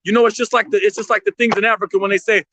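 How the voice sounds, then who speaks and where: A man's voice: high voice, flat delivery, rapid-fire, sharp tone, no room sound, low-quality recording. A man talking emotionally and emphatically on a livestream from his street stand, in slangy street talk. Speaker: street artist and vendor, livestream guest.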